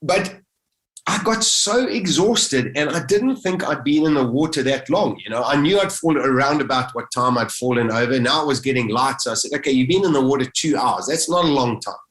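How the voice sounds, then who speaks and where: South African male guest; lively first-person retelling, recorded in an echoey room. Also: mid-range voice, a little fast. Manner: animated, vivid retelling with acted-out inner thoughts. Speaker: interview guest. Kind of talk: emotional first-person storytelling.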